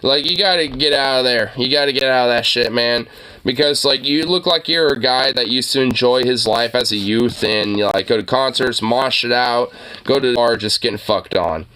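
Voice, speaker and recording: Young male co-host, bright tone, rambling profane reaction chatter. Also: medium pitch, moderate pace, clean tone. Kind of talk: casual reaction chat.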